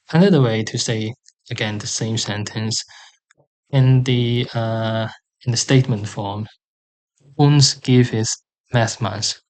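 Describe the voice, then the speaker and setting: A man teaching a language lesson, sounding out example words slowly and carefully, with pauses and fillers. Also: medium pitch.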